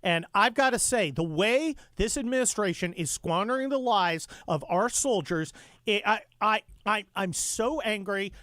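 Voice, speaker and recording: A middle-aged man hosting talk radio in a heated, fervent way, often stumbling and restarting mid-sentence. His voice sits somewhat high for a man and sounds close and dry, with no room around it. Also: animated, normal speed, a bit bright, dry recording. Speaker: guest radio host.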